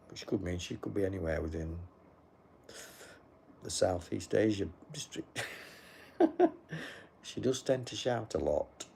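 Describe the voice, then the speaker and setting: Slow gravelly older man. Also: sits low, dark tone, slight background noise. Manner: dry, rambling and wry. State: sleepy, yawning. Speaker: livestream host. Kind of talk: casual chat answering live comments. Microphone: phone.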